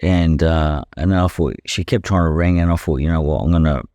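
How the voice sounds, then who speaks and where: A young Australian man with a very deep, low-pitched voice and a dark, mellow tone. He tells his story as a podcast guest in plain, blunt language, swearing freely and leaning on "you know" after most phrases. The recording is dry and close, with no room sound. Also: steady tone, fairly quick, dry recording. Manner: blunt and profane, leans heavily on "you know". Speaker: podcast guest, professional boxer. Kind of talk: candid conversational storytelling.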